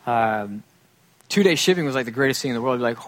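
A pastor with a mid-range voice, lively intonation, and a brisk pace delivers a conversational sermon to his congregation. He's casual and joking, acting out little quoted scenes along the way.

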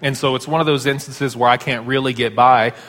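A pastor preaching a sermon, telling stories in a conversational way. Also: male voice, medium pitch, fairly even intonation, a little fast, fairly bright tone. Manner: conversational storytelling. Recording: long hall reverb.

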